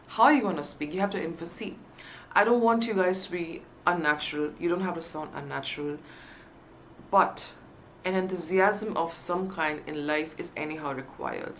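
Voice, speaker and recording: A woman's voice: on the low side, slight background noise. A woman coaching viewers on job interviews in an emphatic, encouraging way. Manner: emphatic, stresses key words, upbeat encouragement. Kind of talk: teaching to camera.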